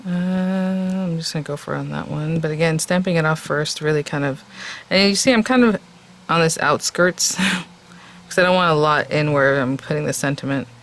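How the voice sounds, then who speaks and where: Speaking at a normal speed in a low register, a woman demonstrates card making for a casual crafting tutorial. She's chatty, thinking aloud as she works, and her voice seems to be tiring. Audio quality is poor.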